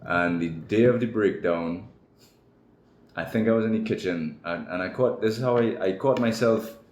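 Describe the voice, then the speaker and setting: A man's voice: low-pitched, a little mellow. A man with a Trinidadian accent, a guest telling his personal story candidly in an interview. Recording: echoey room with faint noise.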